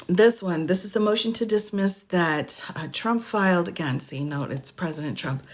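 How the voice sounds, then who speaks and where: Laughing, exasperated woman lawyer livestreaming. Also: lowish voice. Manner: laughs often, exasperated and amused. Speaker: attorney giving legal case updates. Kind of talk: casual livestream commentary.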